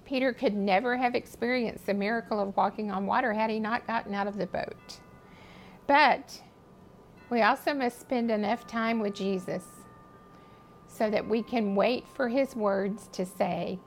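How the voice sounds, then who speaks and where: A woman giving devotional Bible teaching, reading scripture and telling the story in an earnest, expressive way. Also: mid-range voice, a little slow, slight background noise, rough recording. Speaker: speaker teaching a Bible study.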